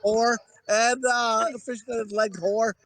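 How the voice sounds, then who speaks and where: A man's voice: extremely high pitch, level tone, slow pace, a bit bright, low-quality recording. A man in his forties co-hosting a podcast, telling rambling, profane stories in casual banter. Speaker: podcast co-host.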